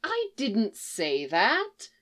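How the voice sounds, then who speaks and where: A woman's voice: a little high, wildly swooping pitch, very slow, a bit bright, pitched above the performer's own voice, exaggerated voice. Woman reading a defensive coaxing young woman, read-aloud story. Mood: protesting. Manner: protesting, coaxing.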